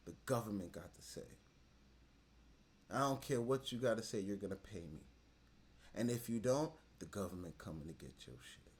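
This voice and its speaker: A man's voice: lowish voice, animated, moderate pace, long pauses. A man hosting a reaction video, commenting and telling stories in a blunt, slangy way that swings between mumbling and sudden outbursts. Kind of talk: casual commentary and storytelling.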